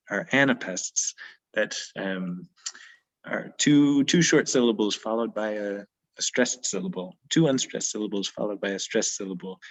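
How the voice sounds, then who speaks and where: A man's voice: on the low side, muffled recording. A man leading a poetry and birdsong session, talking thoughtfully with frequent hesitations. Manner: thoughtful, hesitant, many ums. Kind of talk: discussing poetry.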